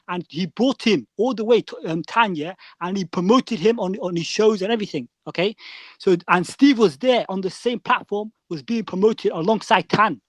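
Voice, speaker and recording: A man's voice: high-pitched, a little fast, no room sound. A man arguing his point as a guest in a heated live-stream debate, insistent and tagging his sentences. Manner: insistent, tags lines with "yeah" and "okay".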